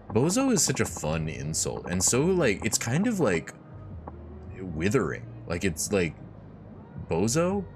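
A man's voice: on the low side, wildly swooping pitch, measured pace, background noise. A man commenting casually on a game as a let's play host, chatty with lots of fillers. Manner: chatty, filler-heavy, giggly asides.

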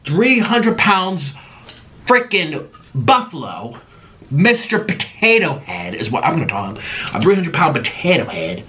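A man chats his way through a home-kitchen cooking vlog, dramatic, sassy and rambling. His voice sits high and swoops all over the place. Clear background noise runs under the recording. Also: very animated, unhurried, long pauses, fairly bright tone. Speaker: vlogger host. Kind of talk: casual cooking and eating chat.

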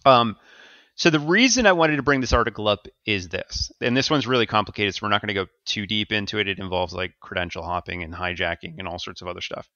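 A man's voice: on the low side, fast, sharp tone, no echo, dull audio. A man co-hosting a podcast, explaining security news casually with fillers and easy laughs. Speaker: podcast co-host.

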